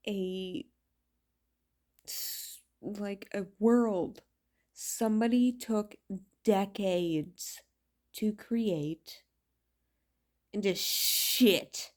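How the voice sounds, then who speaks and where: This vlog features a female video reviewer venting at a slow, blunt clip with lots of profanity. Her mid-range voice has a mellow, dark quality, and the exasperation in it stays even the whole way.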